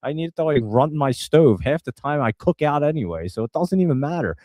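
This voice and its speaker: A man's voice: a little high, animated, brisk, darkish tone, no echo, studio quality. A man from New Jersey hosting a live stock market stream, talking casually and rambling in an exasperated way to his viewers. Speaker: stock market show host.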